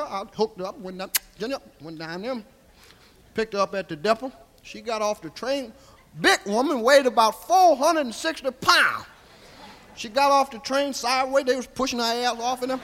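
A man doing a high-voiced old Southern storyteller, Mudbone. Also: moderate pace, a bit bright. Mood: rambling. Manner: drawling, folksy, coarse, keeps asking "see?". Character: old rambling country man telling tall tales. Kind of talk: stand-up character monologue. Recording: live hall reverb.

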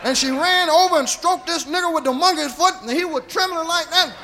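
A man's voice: very high-pitched, a little fast, pushed and bright, a little hiss or hum. A man telling a profane comic story in a drawling way, tagging his lines with "see?".

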